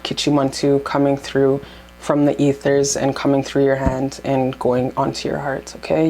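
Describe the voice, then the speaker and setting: A woman's voice: low-pitched, darkish tone, a little hiss or hum. A young woman giving casual spiritual advice to her camera at home, blunt and profane, and heated in bursts. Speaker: spiritual vlogger.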